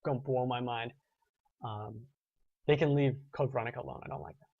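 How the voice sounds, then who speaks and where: A man's voice: medium pitch, fairly even intonation, a little fast, dry recording, phone-quality sound. A man in his twenties hosting a gaming show, chatting casually and rambling with restarts while reading viewer comments. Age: 20s.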